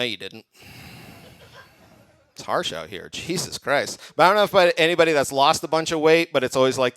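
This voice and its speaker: A man performing a crude, deadpan stand-up comedy set on a comedy club stage. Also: medium pitch, smooth, no echo, clean studio sound. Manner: deadpan punchlines, crude jokes.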